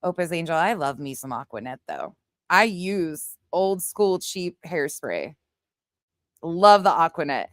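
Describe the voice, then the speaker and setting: A woman's voice: deep voice, expressive, measured pace, dry recording, studio quality. A middle-aged woman with a Southern US accent, chatting casually on a livestream and reading out viewer comments, laughing often and swearing now and then. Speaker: livestream host.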